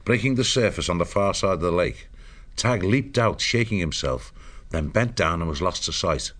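Deep-voiced male audiobook narrator. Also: expressive, fairly bright tone. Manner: measured, storytelling delivery.

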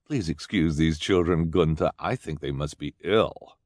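A mild, kindly guardian speaks gently and pleads , voiced by a male narrator. The voice sits somewhat above the reader's own, close and dry. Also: extremely low pitch, measured pace, dry recording, pitched below the performer's own voice. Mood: placating.

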